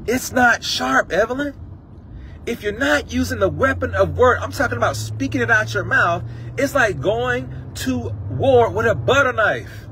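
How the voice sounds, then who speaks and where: A man's voice: very high voice, animated, a little slow, sharp tone, slight background noise. A man preaching a sermon on a livestream, impassioned and emotional, breaking into song. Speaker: pastor. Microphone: livestream phone mic.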